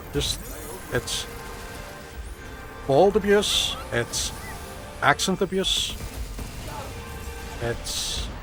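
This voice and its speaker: A man, commentating his live gameplay and bantering profanely with chat. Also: medium pitch. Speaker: gaming streamer.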